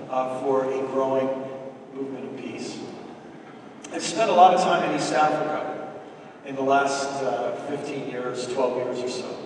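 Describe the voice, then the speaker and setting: Middle-aged guy preaching earnestly at a dinner event, slightly high voice, big roomy hall. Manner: earnest, storytelling, addresses listeners as brothers and sisters. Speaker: speaker at a church event. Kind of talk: preaching-style talk. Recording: echoey hall from far off, with noise.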